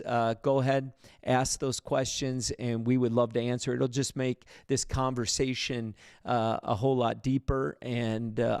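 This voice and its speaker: A man pastor teaching a livestreamed Bible study in a conversational way, with fillers and restarts, his pitch rising for emphasis. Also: darkish tone, clear, resonant tone, no echo, studio quality.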